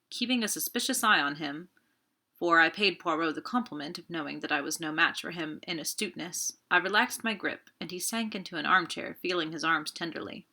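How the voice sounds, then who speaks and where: A woman narrating an audiobook in a steady, measured storytelling manner. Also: sits low. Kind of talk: audiobook reading.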